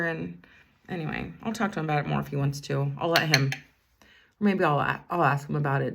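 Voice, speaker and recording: Woman in her 50s, low gravelly voice, rambly makeup chat, bit of background hiss. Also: fast, fairly bright tone. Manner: rambling, chatty, breaks off mid-story to narrate makeup. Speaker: vlogger, school bus driver. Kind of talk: casual get-ready-with-me chat.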